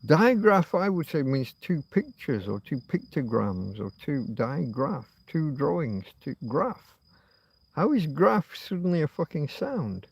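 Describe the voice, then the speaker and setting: A man's voice: fairly high pitch, big pitch swings, a little slow, vocal fry, slightly rough. A middle-aged man hosting a late-night livestream from outdoors, musing and swearing as he chats. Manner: musing, sweary, self-talking. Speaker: livestream host. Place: outdoors at night near a road.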